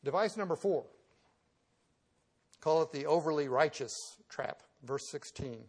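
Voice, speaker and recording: A man's voice: fairly high pitch, lively intonation, unhurried, a little mellow, breathy edge. A man preaching a sermon as pastor, moving from conversational storytelling into emphatic preaching.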